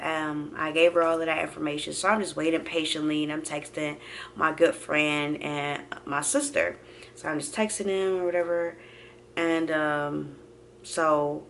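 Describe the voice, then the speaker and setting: Young woman telling a lively storytime. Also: low voice, creaky, a little hiss or hum. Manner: animated, acts out quotes, addresses viewers as y'all. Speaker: vlogger. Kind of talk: casual storytime monologue.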